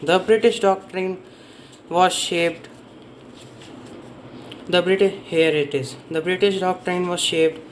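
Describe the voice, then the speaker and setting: A man with a slightly high voice talks through a book summary in a loose, unscripted way. He often stumbles over names and dates and corrects himself mid-sentence. Faint ambient noise sits behind his voice. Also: steady tone, slow, long pauses, low-quality recording. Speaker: book reviewer. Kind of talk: casual spoken book summary.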